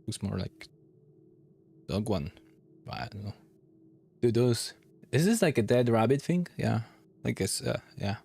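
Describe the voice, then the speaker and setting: A young man with a delivery, commentating a game and reading its text aloud, thinking out loud and laughing often. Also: medium pitch, animated, unhurried, pauses often. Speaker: gaming YouTuber. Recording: gravelly voice over faint game ambience.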